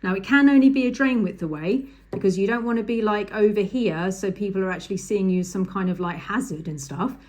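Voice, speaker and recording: A woman's voice: mid-range voice, a little fast, hardly any pauses, darkish tone. A woman, a driving instructor talking through a lesson over drawings, chatty and emphatic, repeating the key points.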